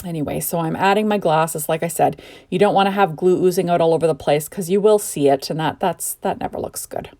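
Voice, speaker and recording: At her home craft desk, a middle-aged Canadian card-making crafter gives casual tutorial narration, drowsy and yawning yet chatty and gushing, with rambling asides. Her lower, warm voice moves fairly quickly.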